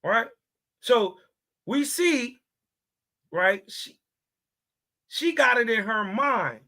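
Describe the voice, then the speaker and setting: A man's voice: very high voice, expressive, very slow, pushed and bright. A man reading scripture aloud and breaking off into mocking, laughing street-slang commentary, often checking that his listeners follow. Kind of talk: casual religious commentary.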